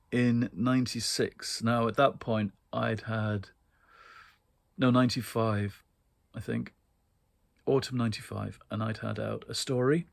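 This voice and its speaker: Guy rambling through funny stories, lowish voice, dry close sound. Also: gravelly, no room sound. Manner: chatty, wry, frequent laughs and ums. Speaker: host. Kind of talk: casual anecdotal monologue.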